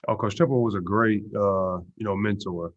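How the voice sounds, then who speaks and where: A football player answering press questions in a relaxed, low-key way, with lots of "you know" and "uh" fillers. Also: male voice, normal speed. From Texas. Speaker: pro football player at media day. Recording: dull lo-fi stream audio.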